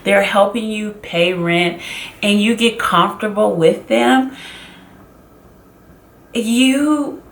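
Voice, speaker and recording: An emotional woman confides a personal story straight to her viewers in a vlog. Her voice sits at an ordinary middle pitch. The room around her rings with echo. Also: takes it slowly, pauses often. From Los Angeles, USA. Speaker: vlogger.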